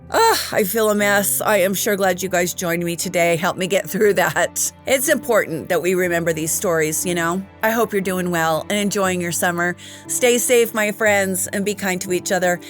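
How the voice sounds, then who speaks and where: A woman hosting a true crime show, telling the story straight to camera with candid personal asides. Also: medium pitch.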